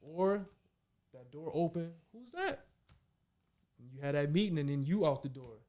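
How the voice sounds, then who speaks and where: A man in his thirties, a professional basketball player from Minnesota, chatting as a guest and telling lively stories in casual slang. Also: on the high side, brisk. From Minnesota, United States. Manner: animated storytelling, slangy, repeats "you know what I mean". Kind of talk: casual conversation.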